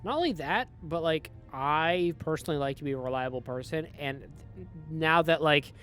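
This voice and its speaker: A man co-hosting a casual TV review chat, excitable and swearing freely, with music faintly behind. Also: a little high, moderate pace. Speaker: podcast co-host.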